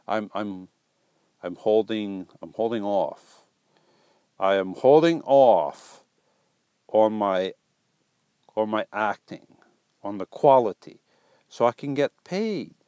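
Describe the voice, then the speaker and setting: A man's voice: lowish voice, takes it slowly, pauses often, a little mellow, clear, resonant tone, no echo. A man hosting a casual live stream, reading viewer comments aloud and joking back with playful teasing and stumbling restarts.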